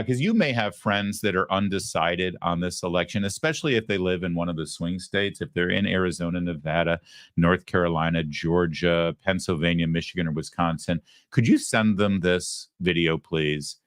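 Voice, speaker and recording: A man hosting a political talk show, giving mocking, animated commentary. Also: sits low, moderate pace, no echo, clean studio sound.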